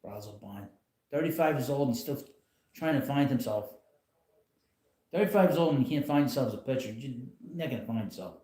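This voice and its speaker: A man's voice: mid-range voice, expressive, a little fast, long pauses, mellow, roomy sound. A man hosting a casual live stream from home, talking in a rambling, blunt way with frequent chuckles. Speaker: channel host. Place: home, in a rocking chair.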